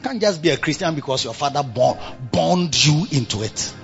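A man preaching a sermon. He repeats himself and swings between low murmurs and loud bursts of emphasis. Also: expressive, normal speed, creaky, dull audio, faint music behind.

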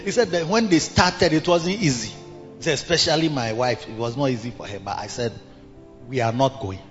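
Older ghanaian preacher man, loud animated bursts, long hall echo. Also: a little high, brisk. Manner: animated, shouting bursts, mixes in local phrases. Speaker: pastor. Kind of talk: sermon. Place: large cathedral hall. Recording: dull reverberant hall with music.

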